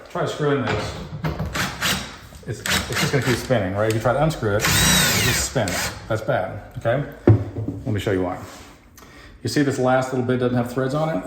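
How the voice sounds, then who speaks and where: A man hosting a home renovation vlog, demonstrating fixes in a deadpan, joking way. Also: fairly low pitch. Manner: deadpan jokey, puns and mock anger. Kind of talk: joking DIY how-to vlog. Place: house under renovation, indoors. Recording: echoey bare room, faint noise.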